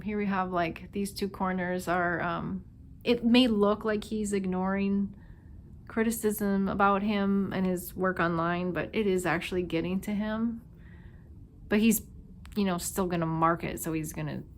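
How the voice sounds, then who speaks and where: A woman's voice: fairly low pitch, a little hiss or hum. A woman with a Minnesota accent giving a casual tarot reading, chatting and thinking aloud with lots of fillers. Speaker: tarot reader.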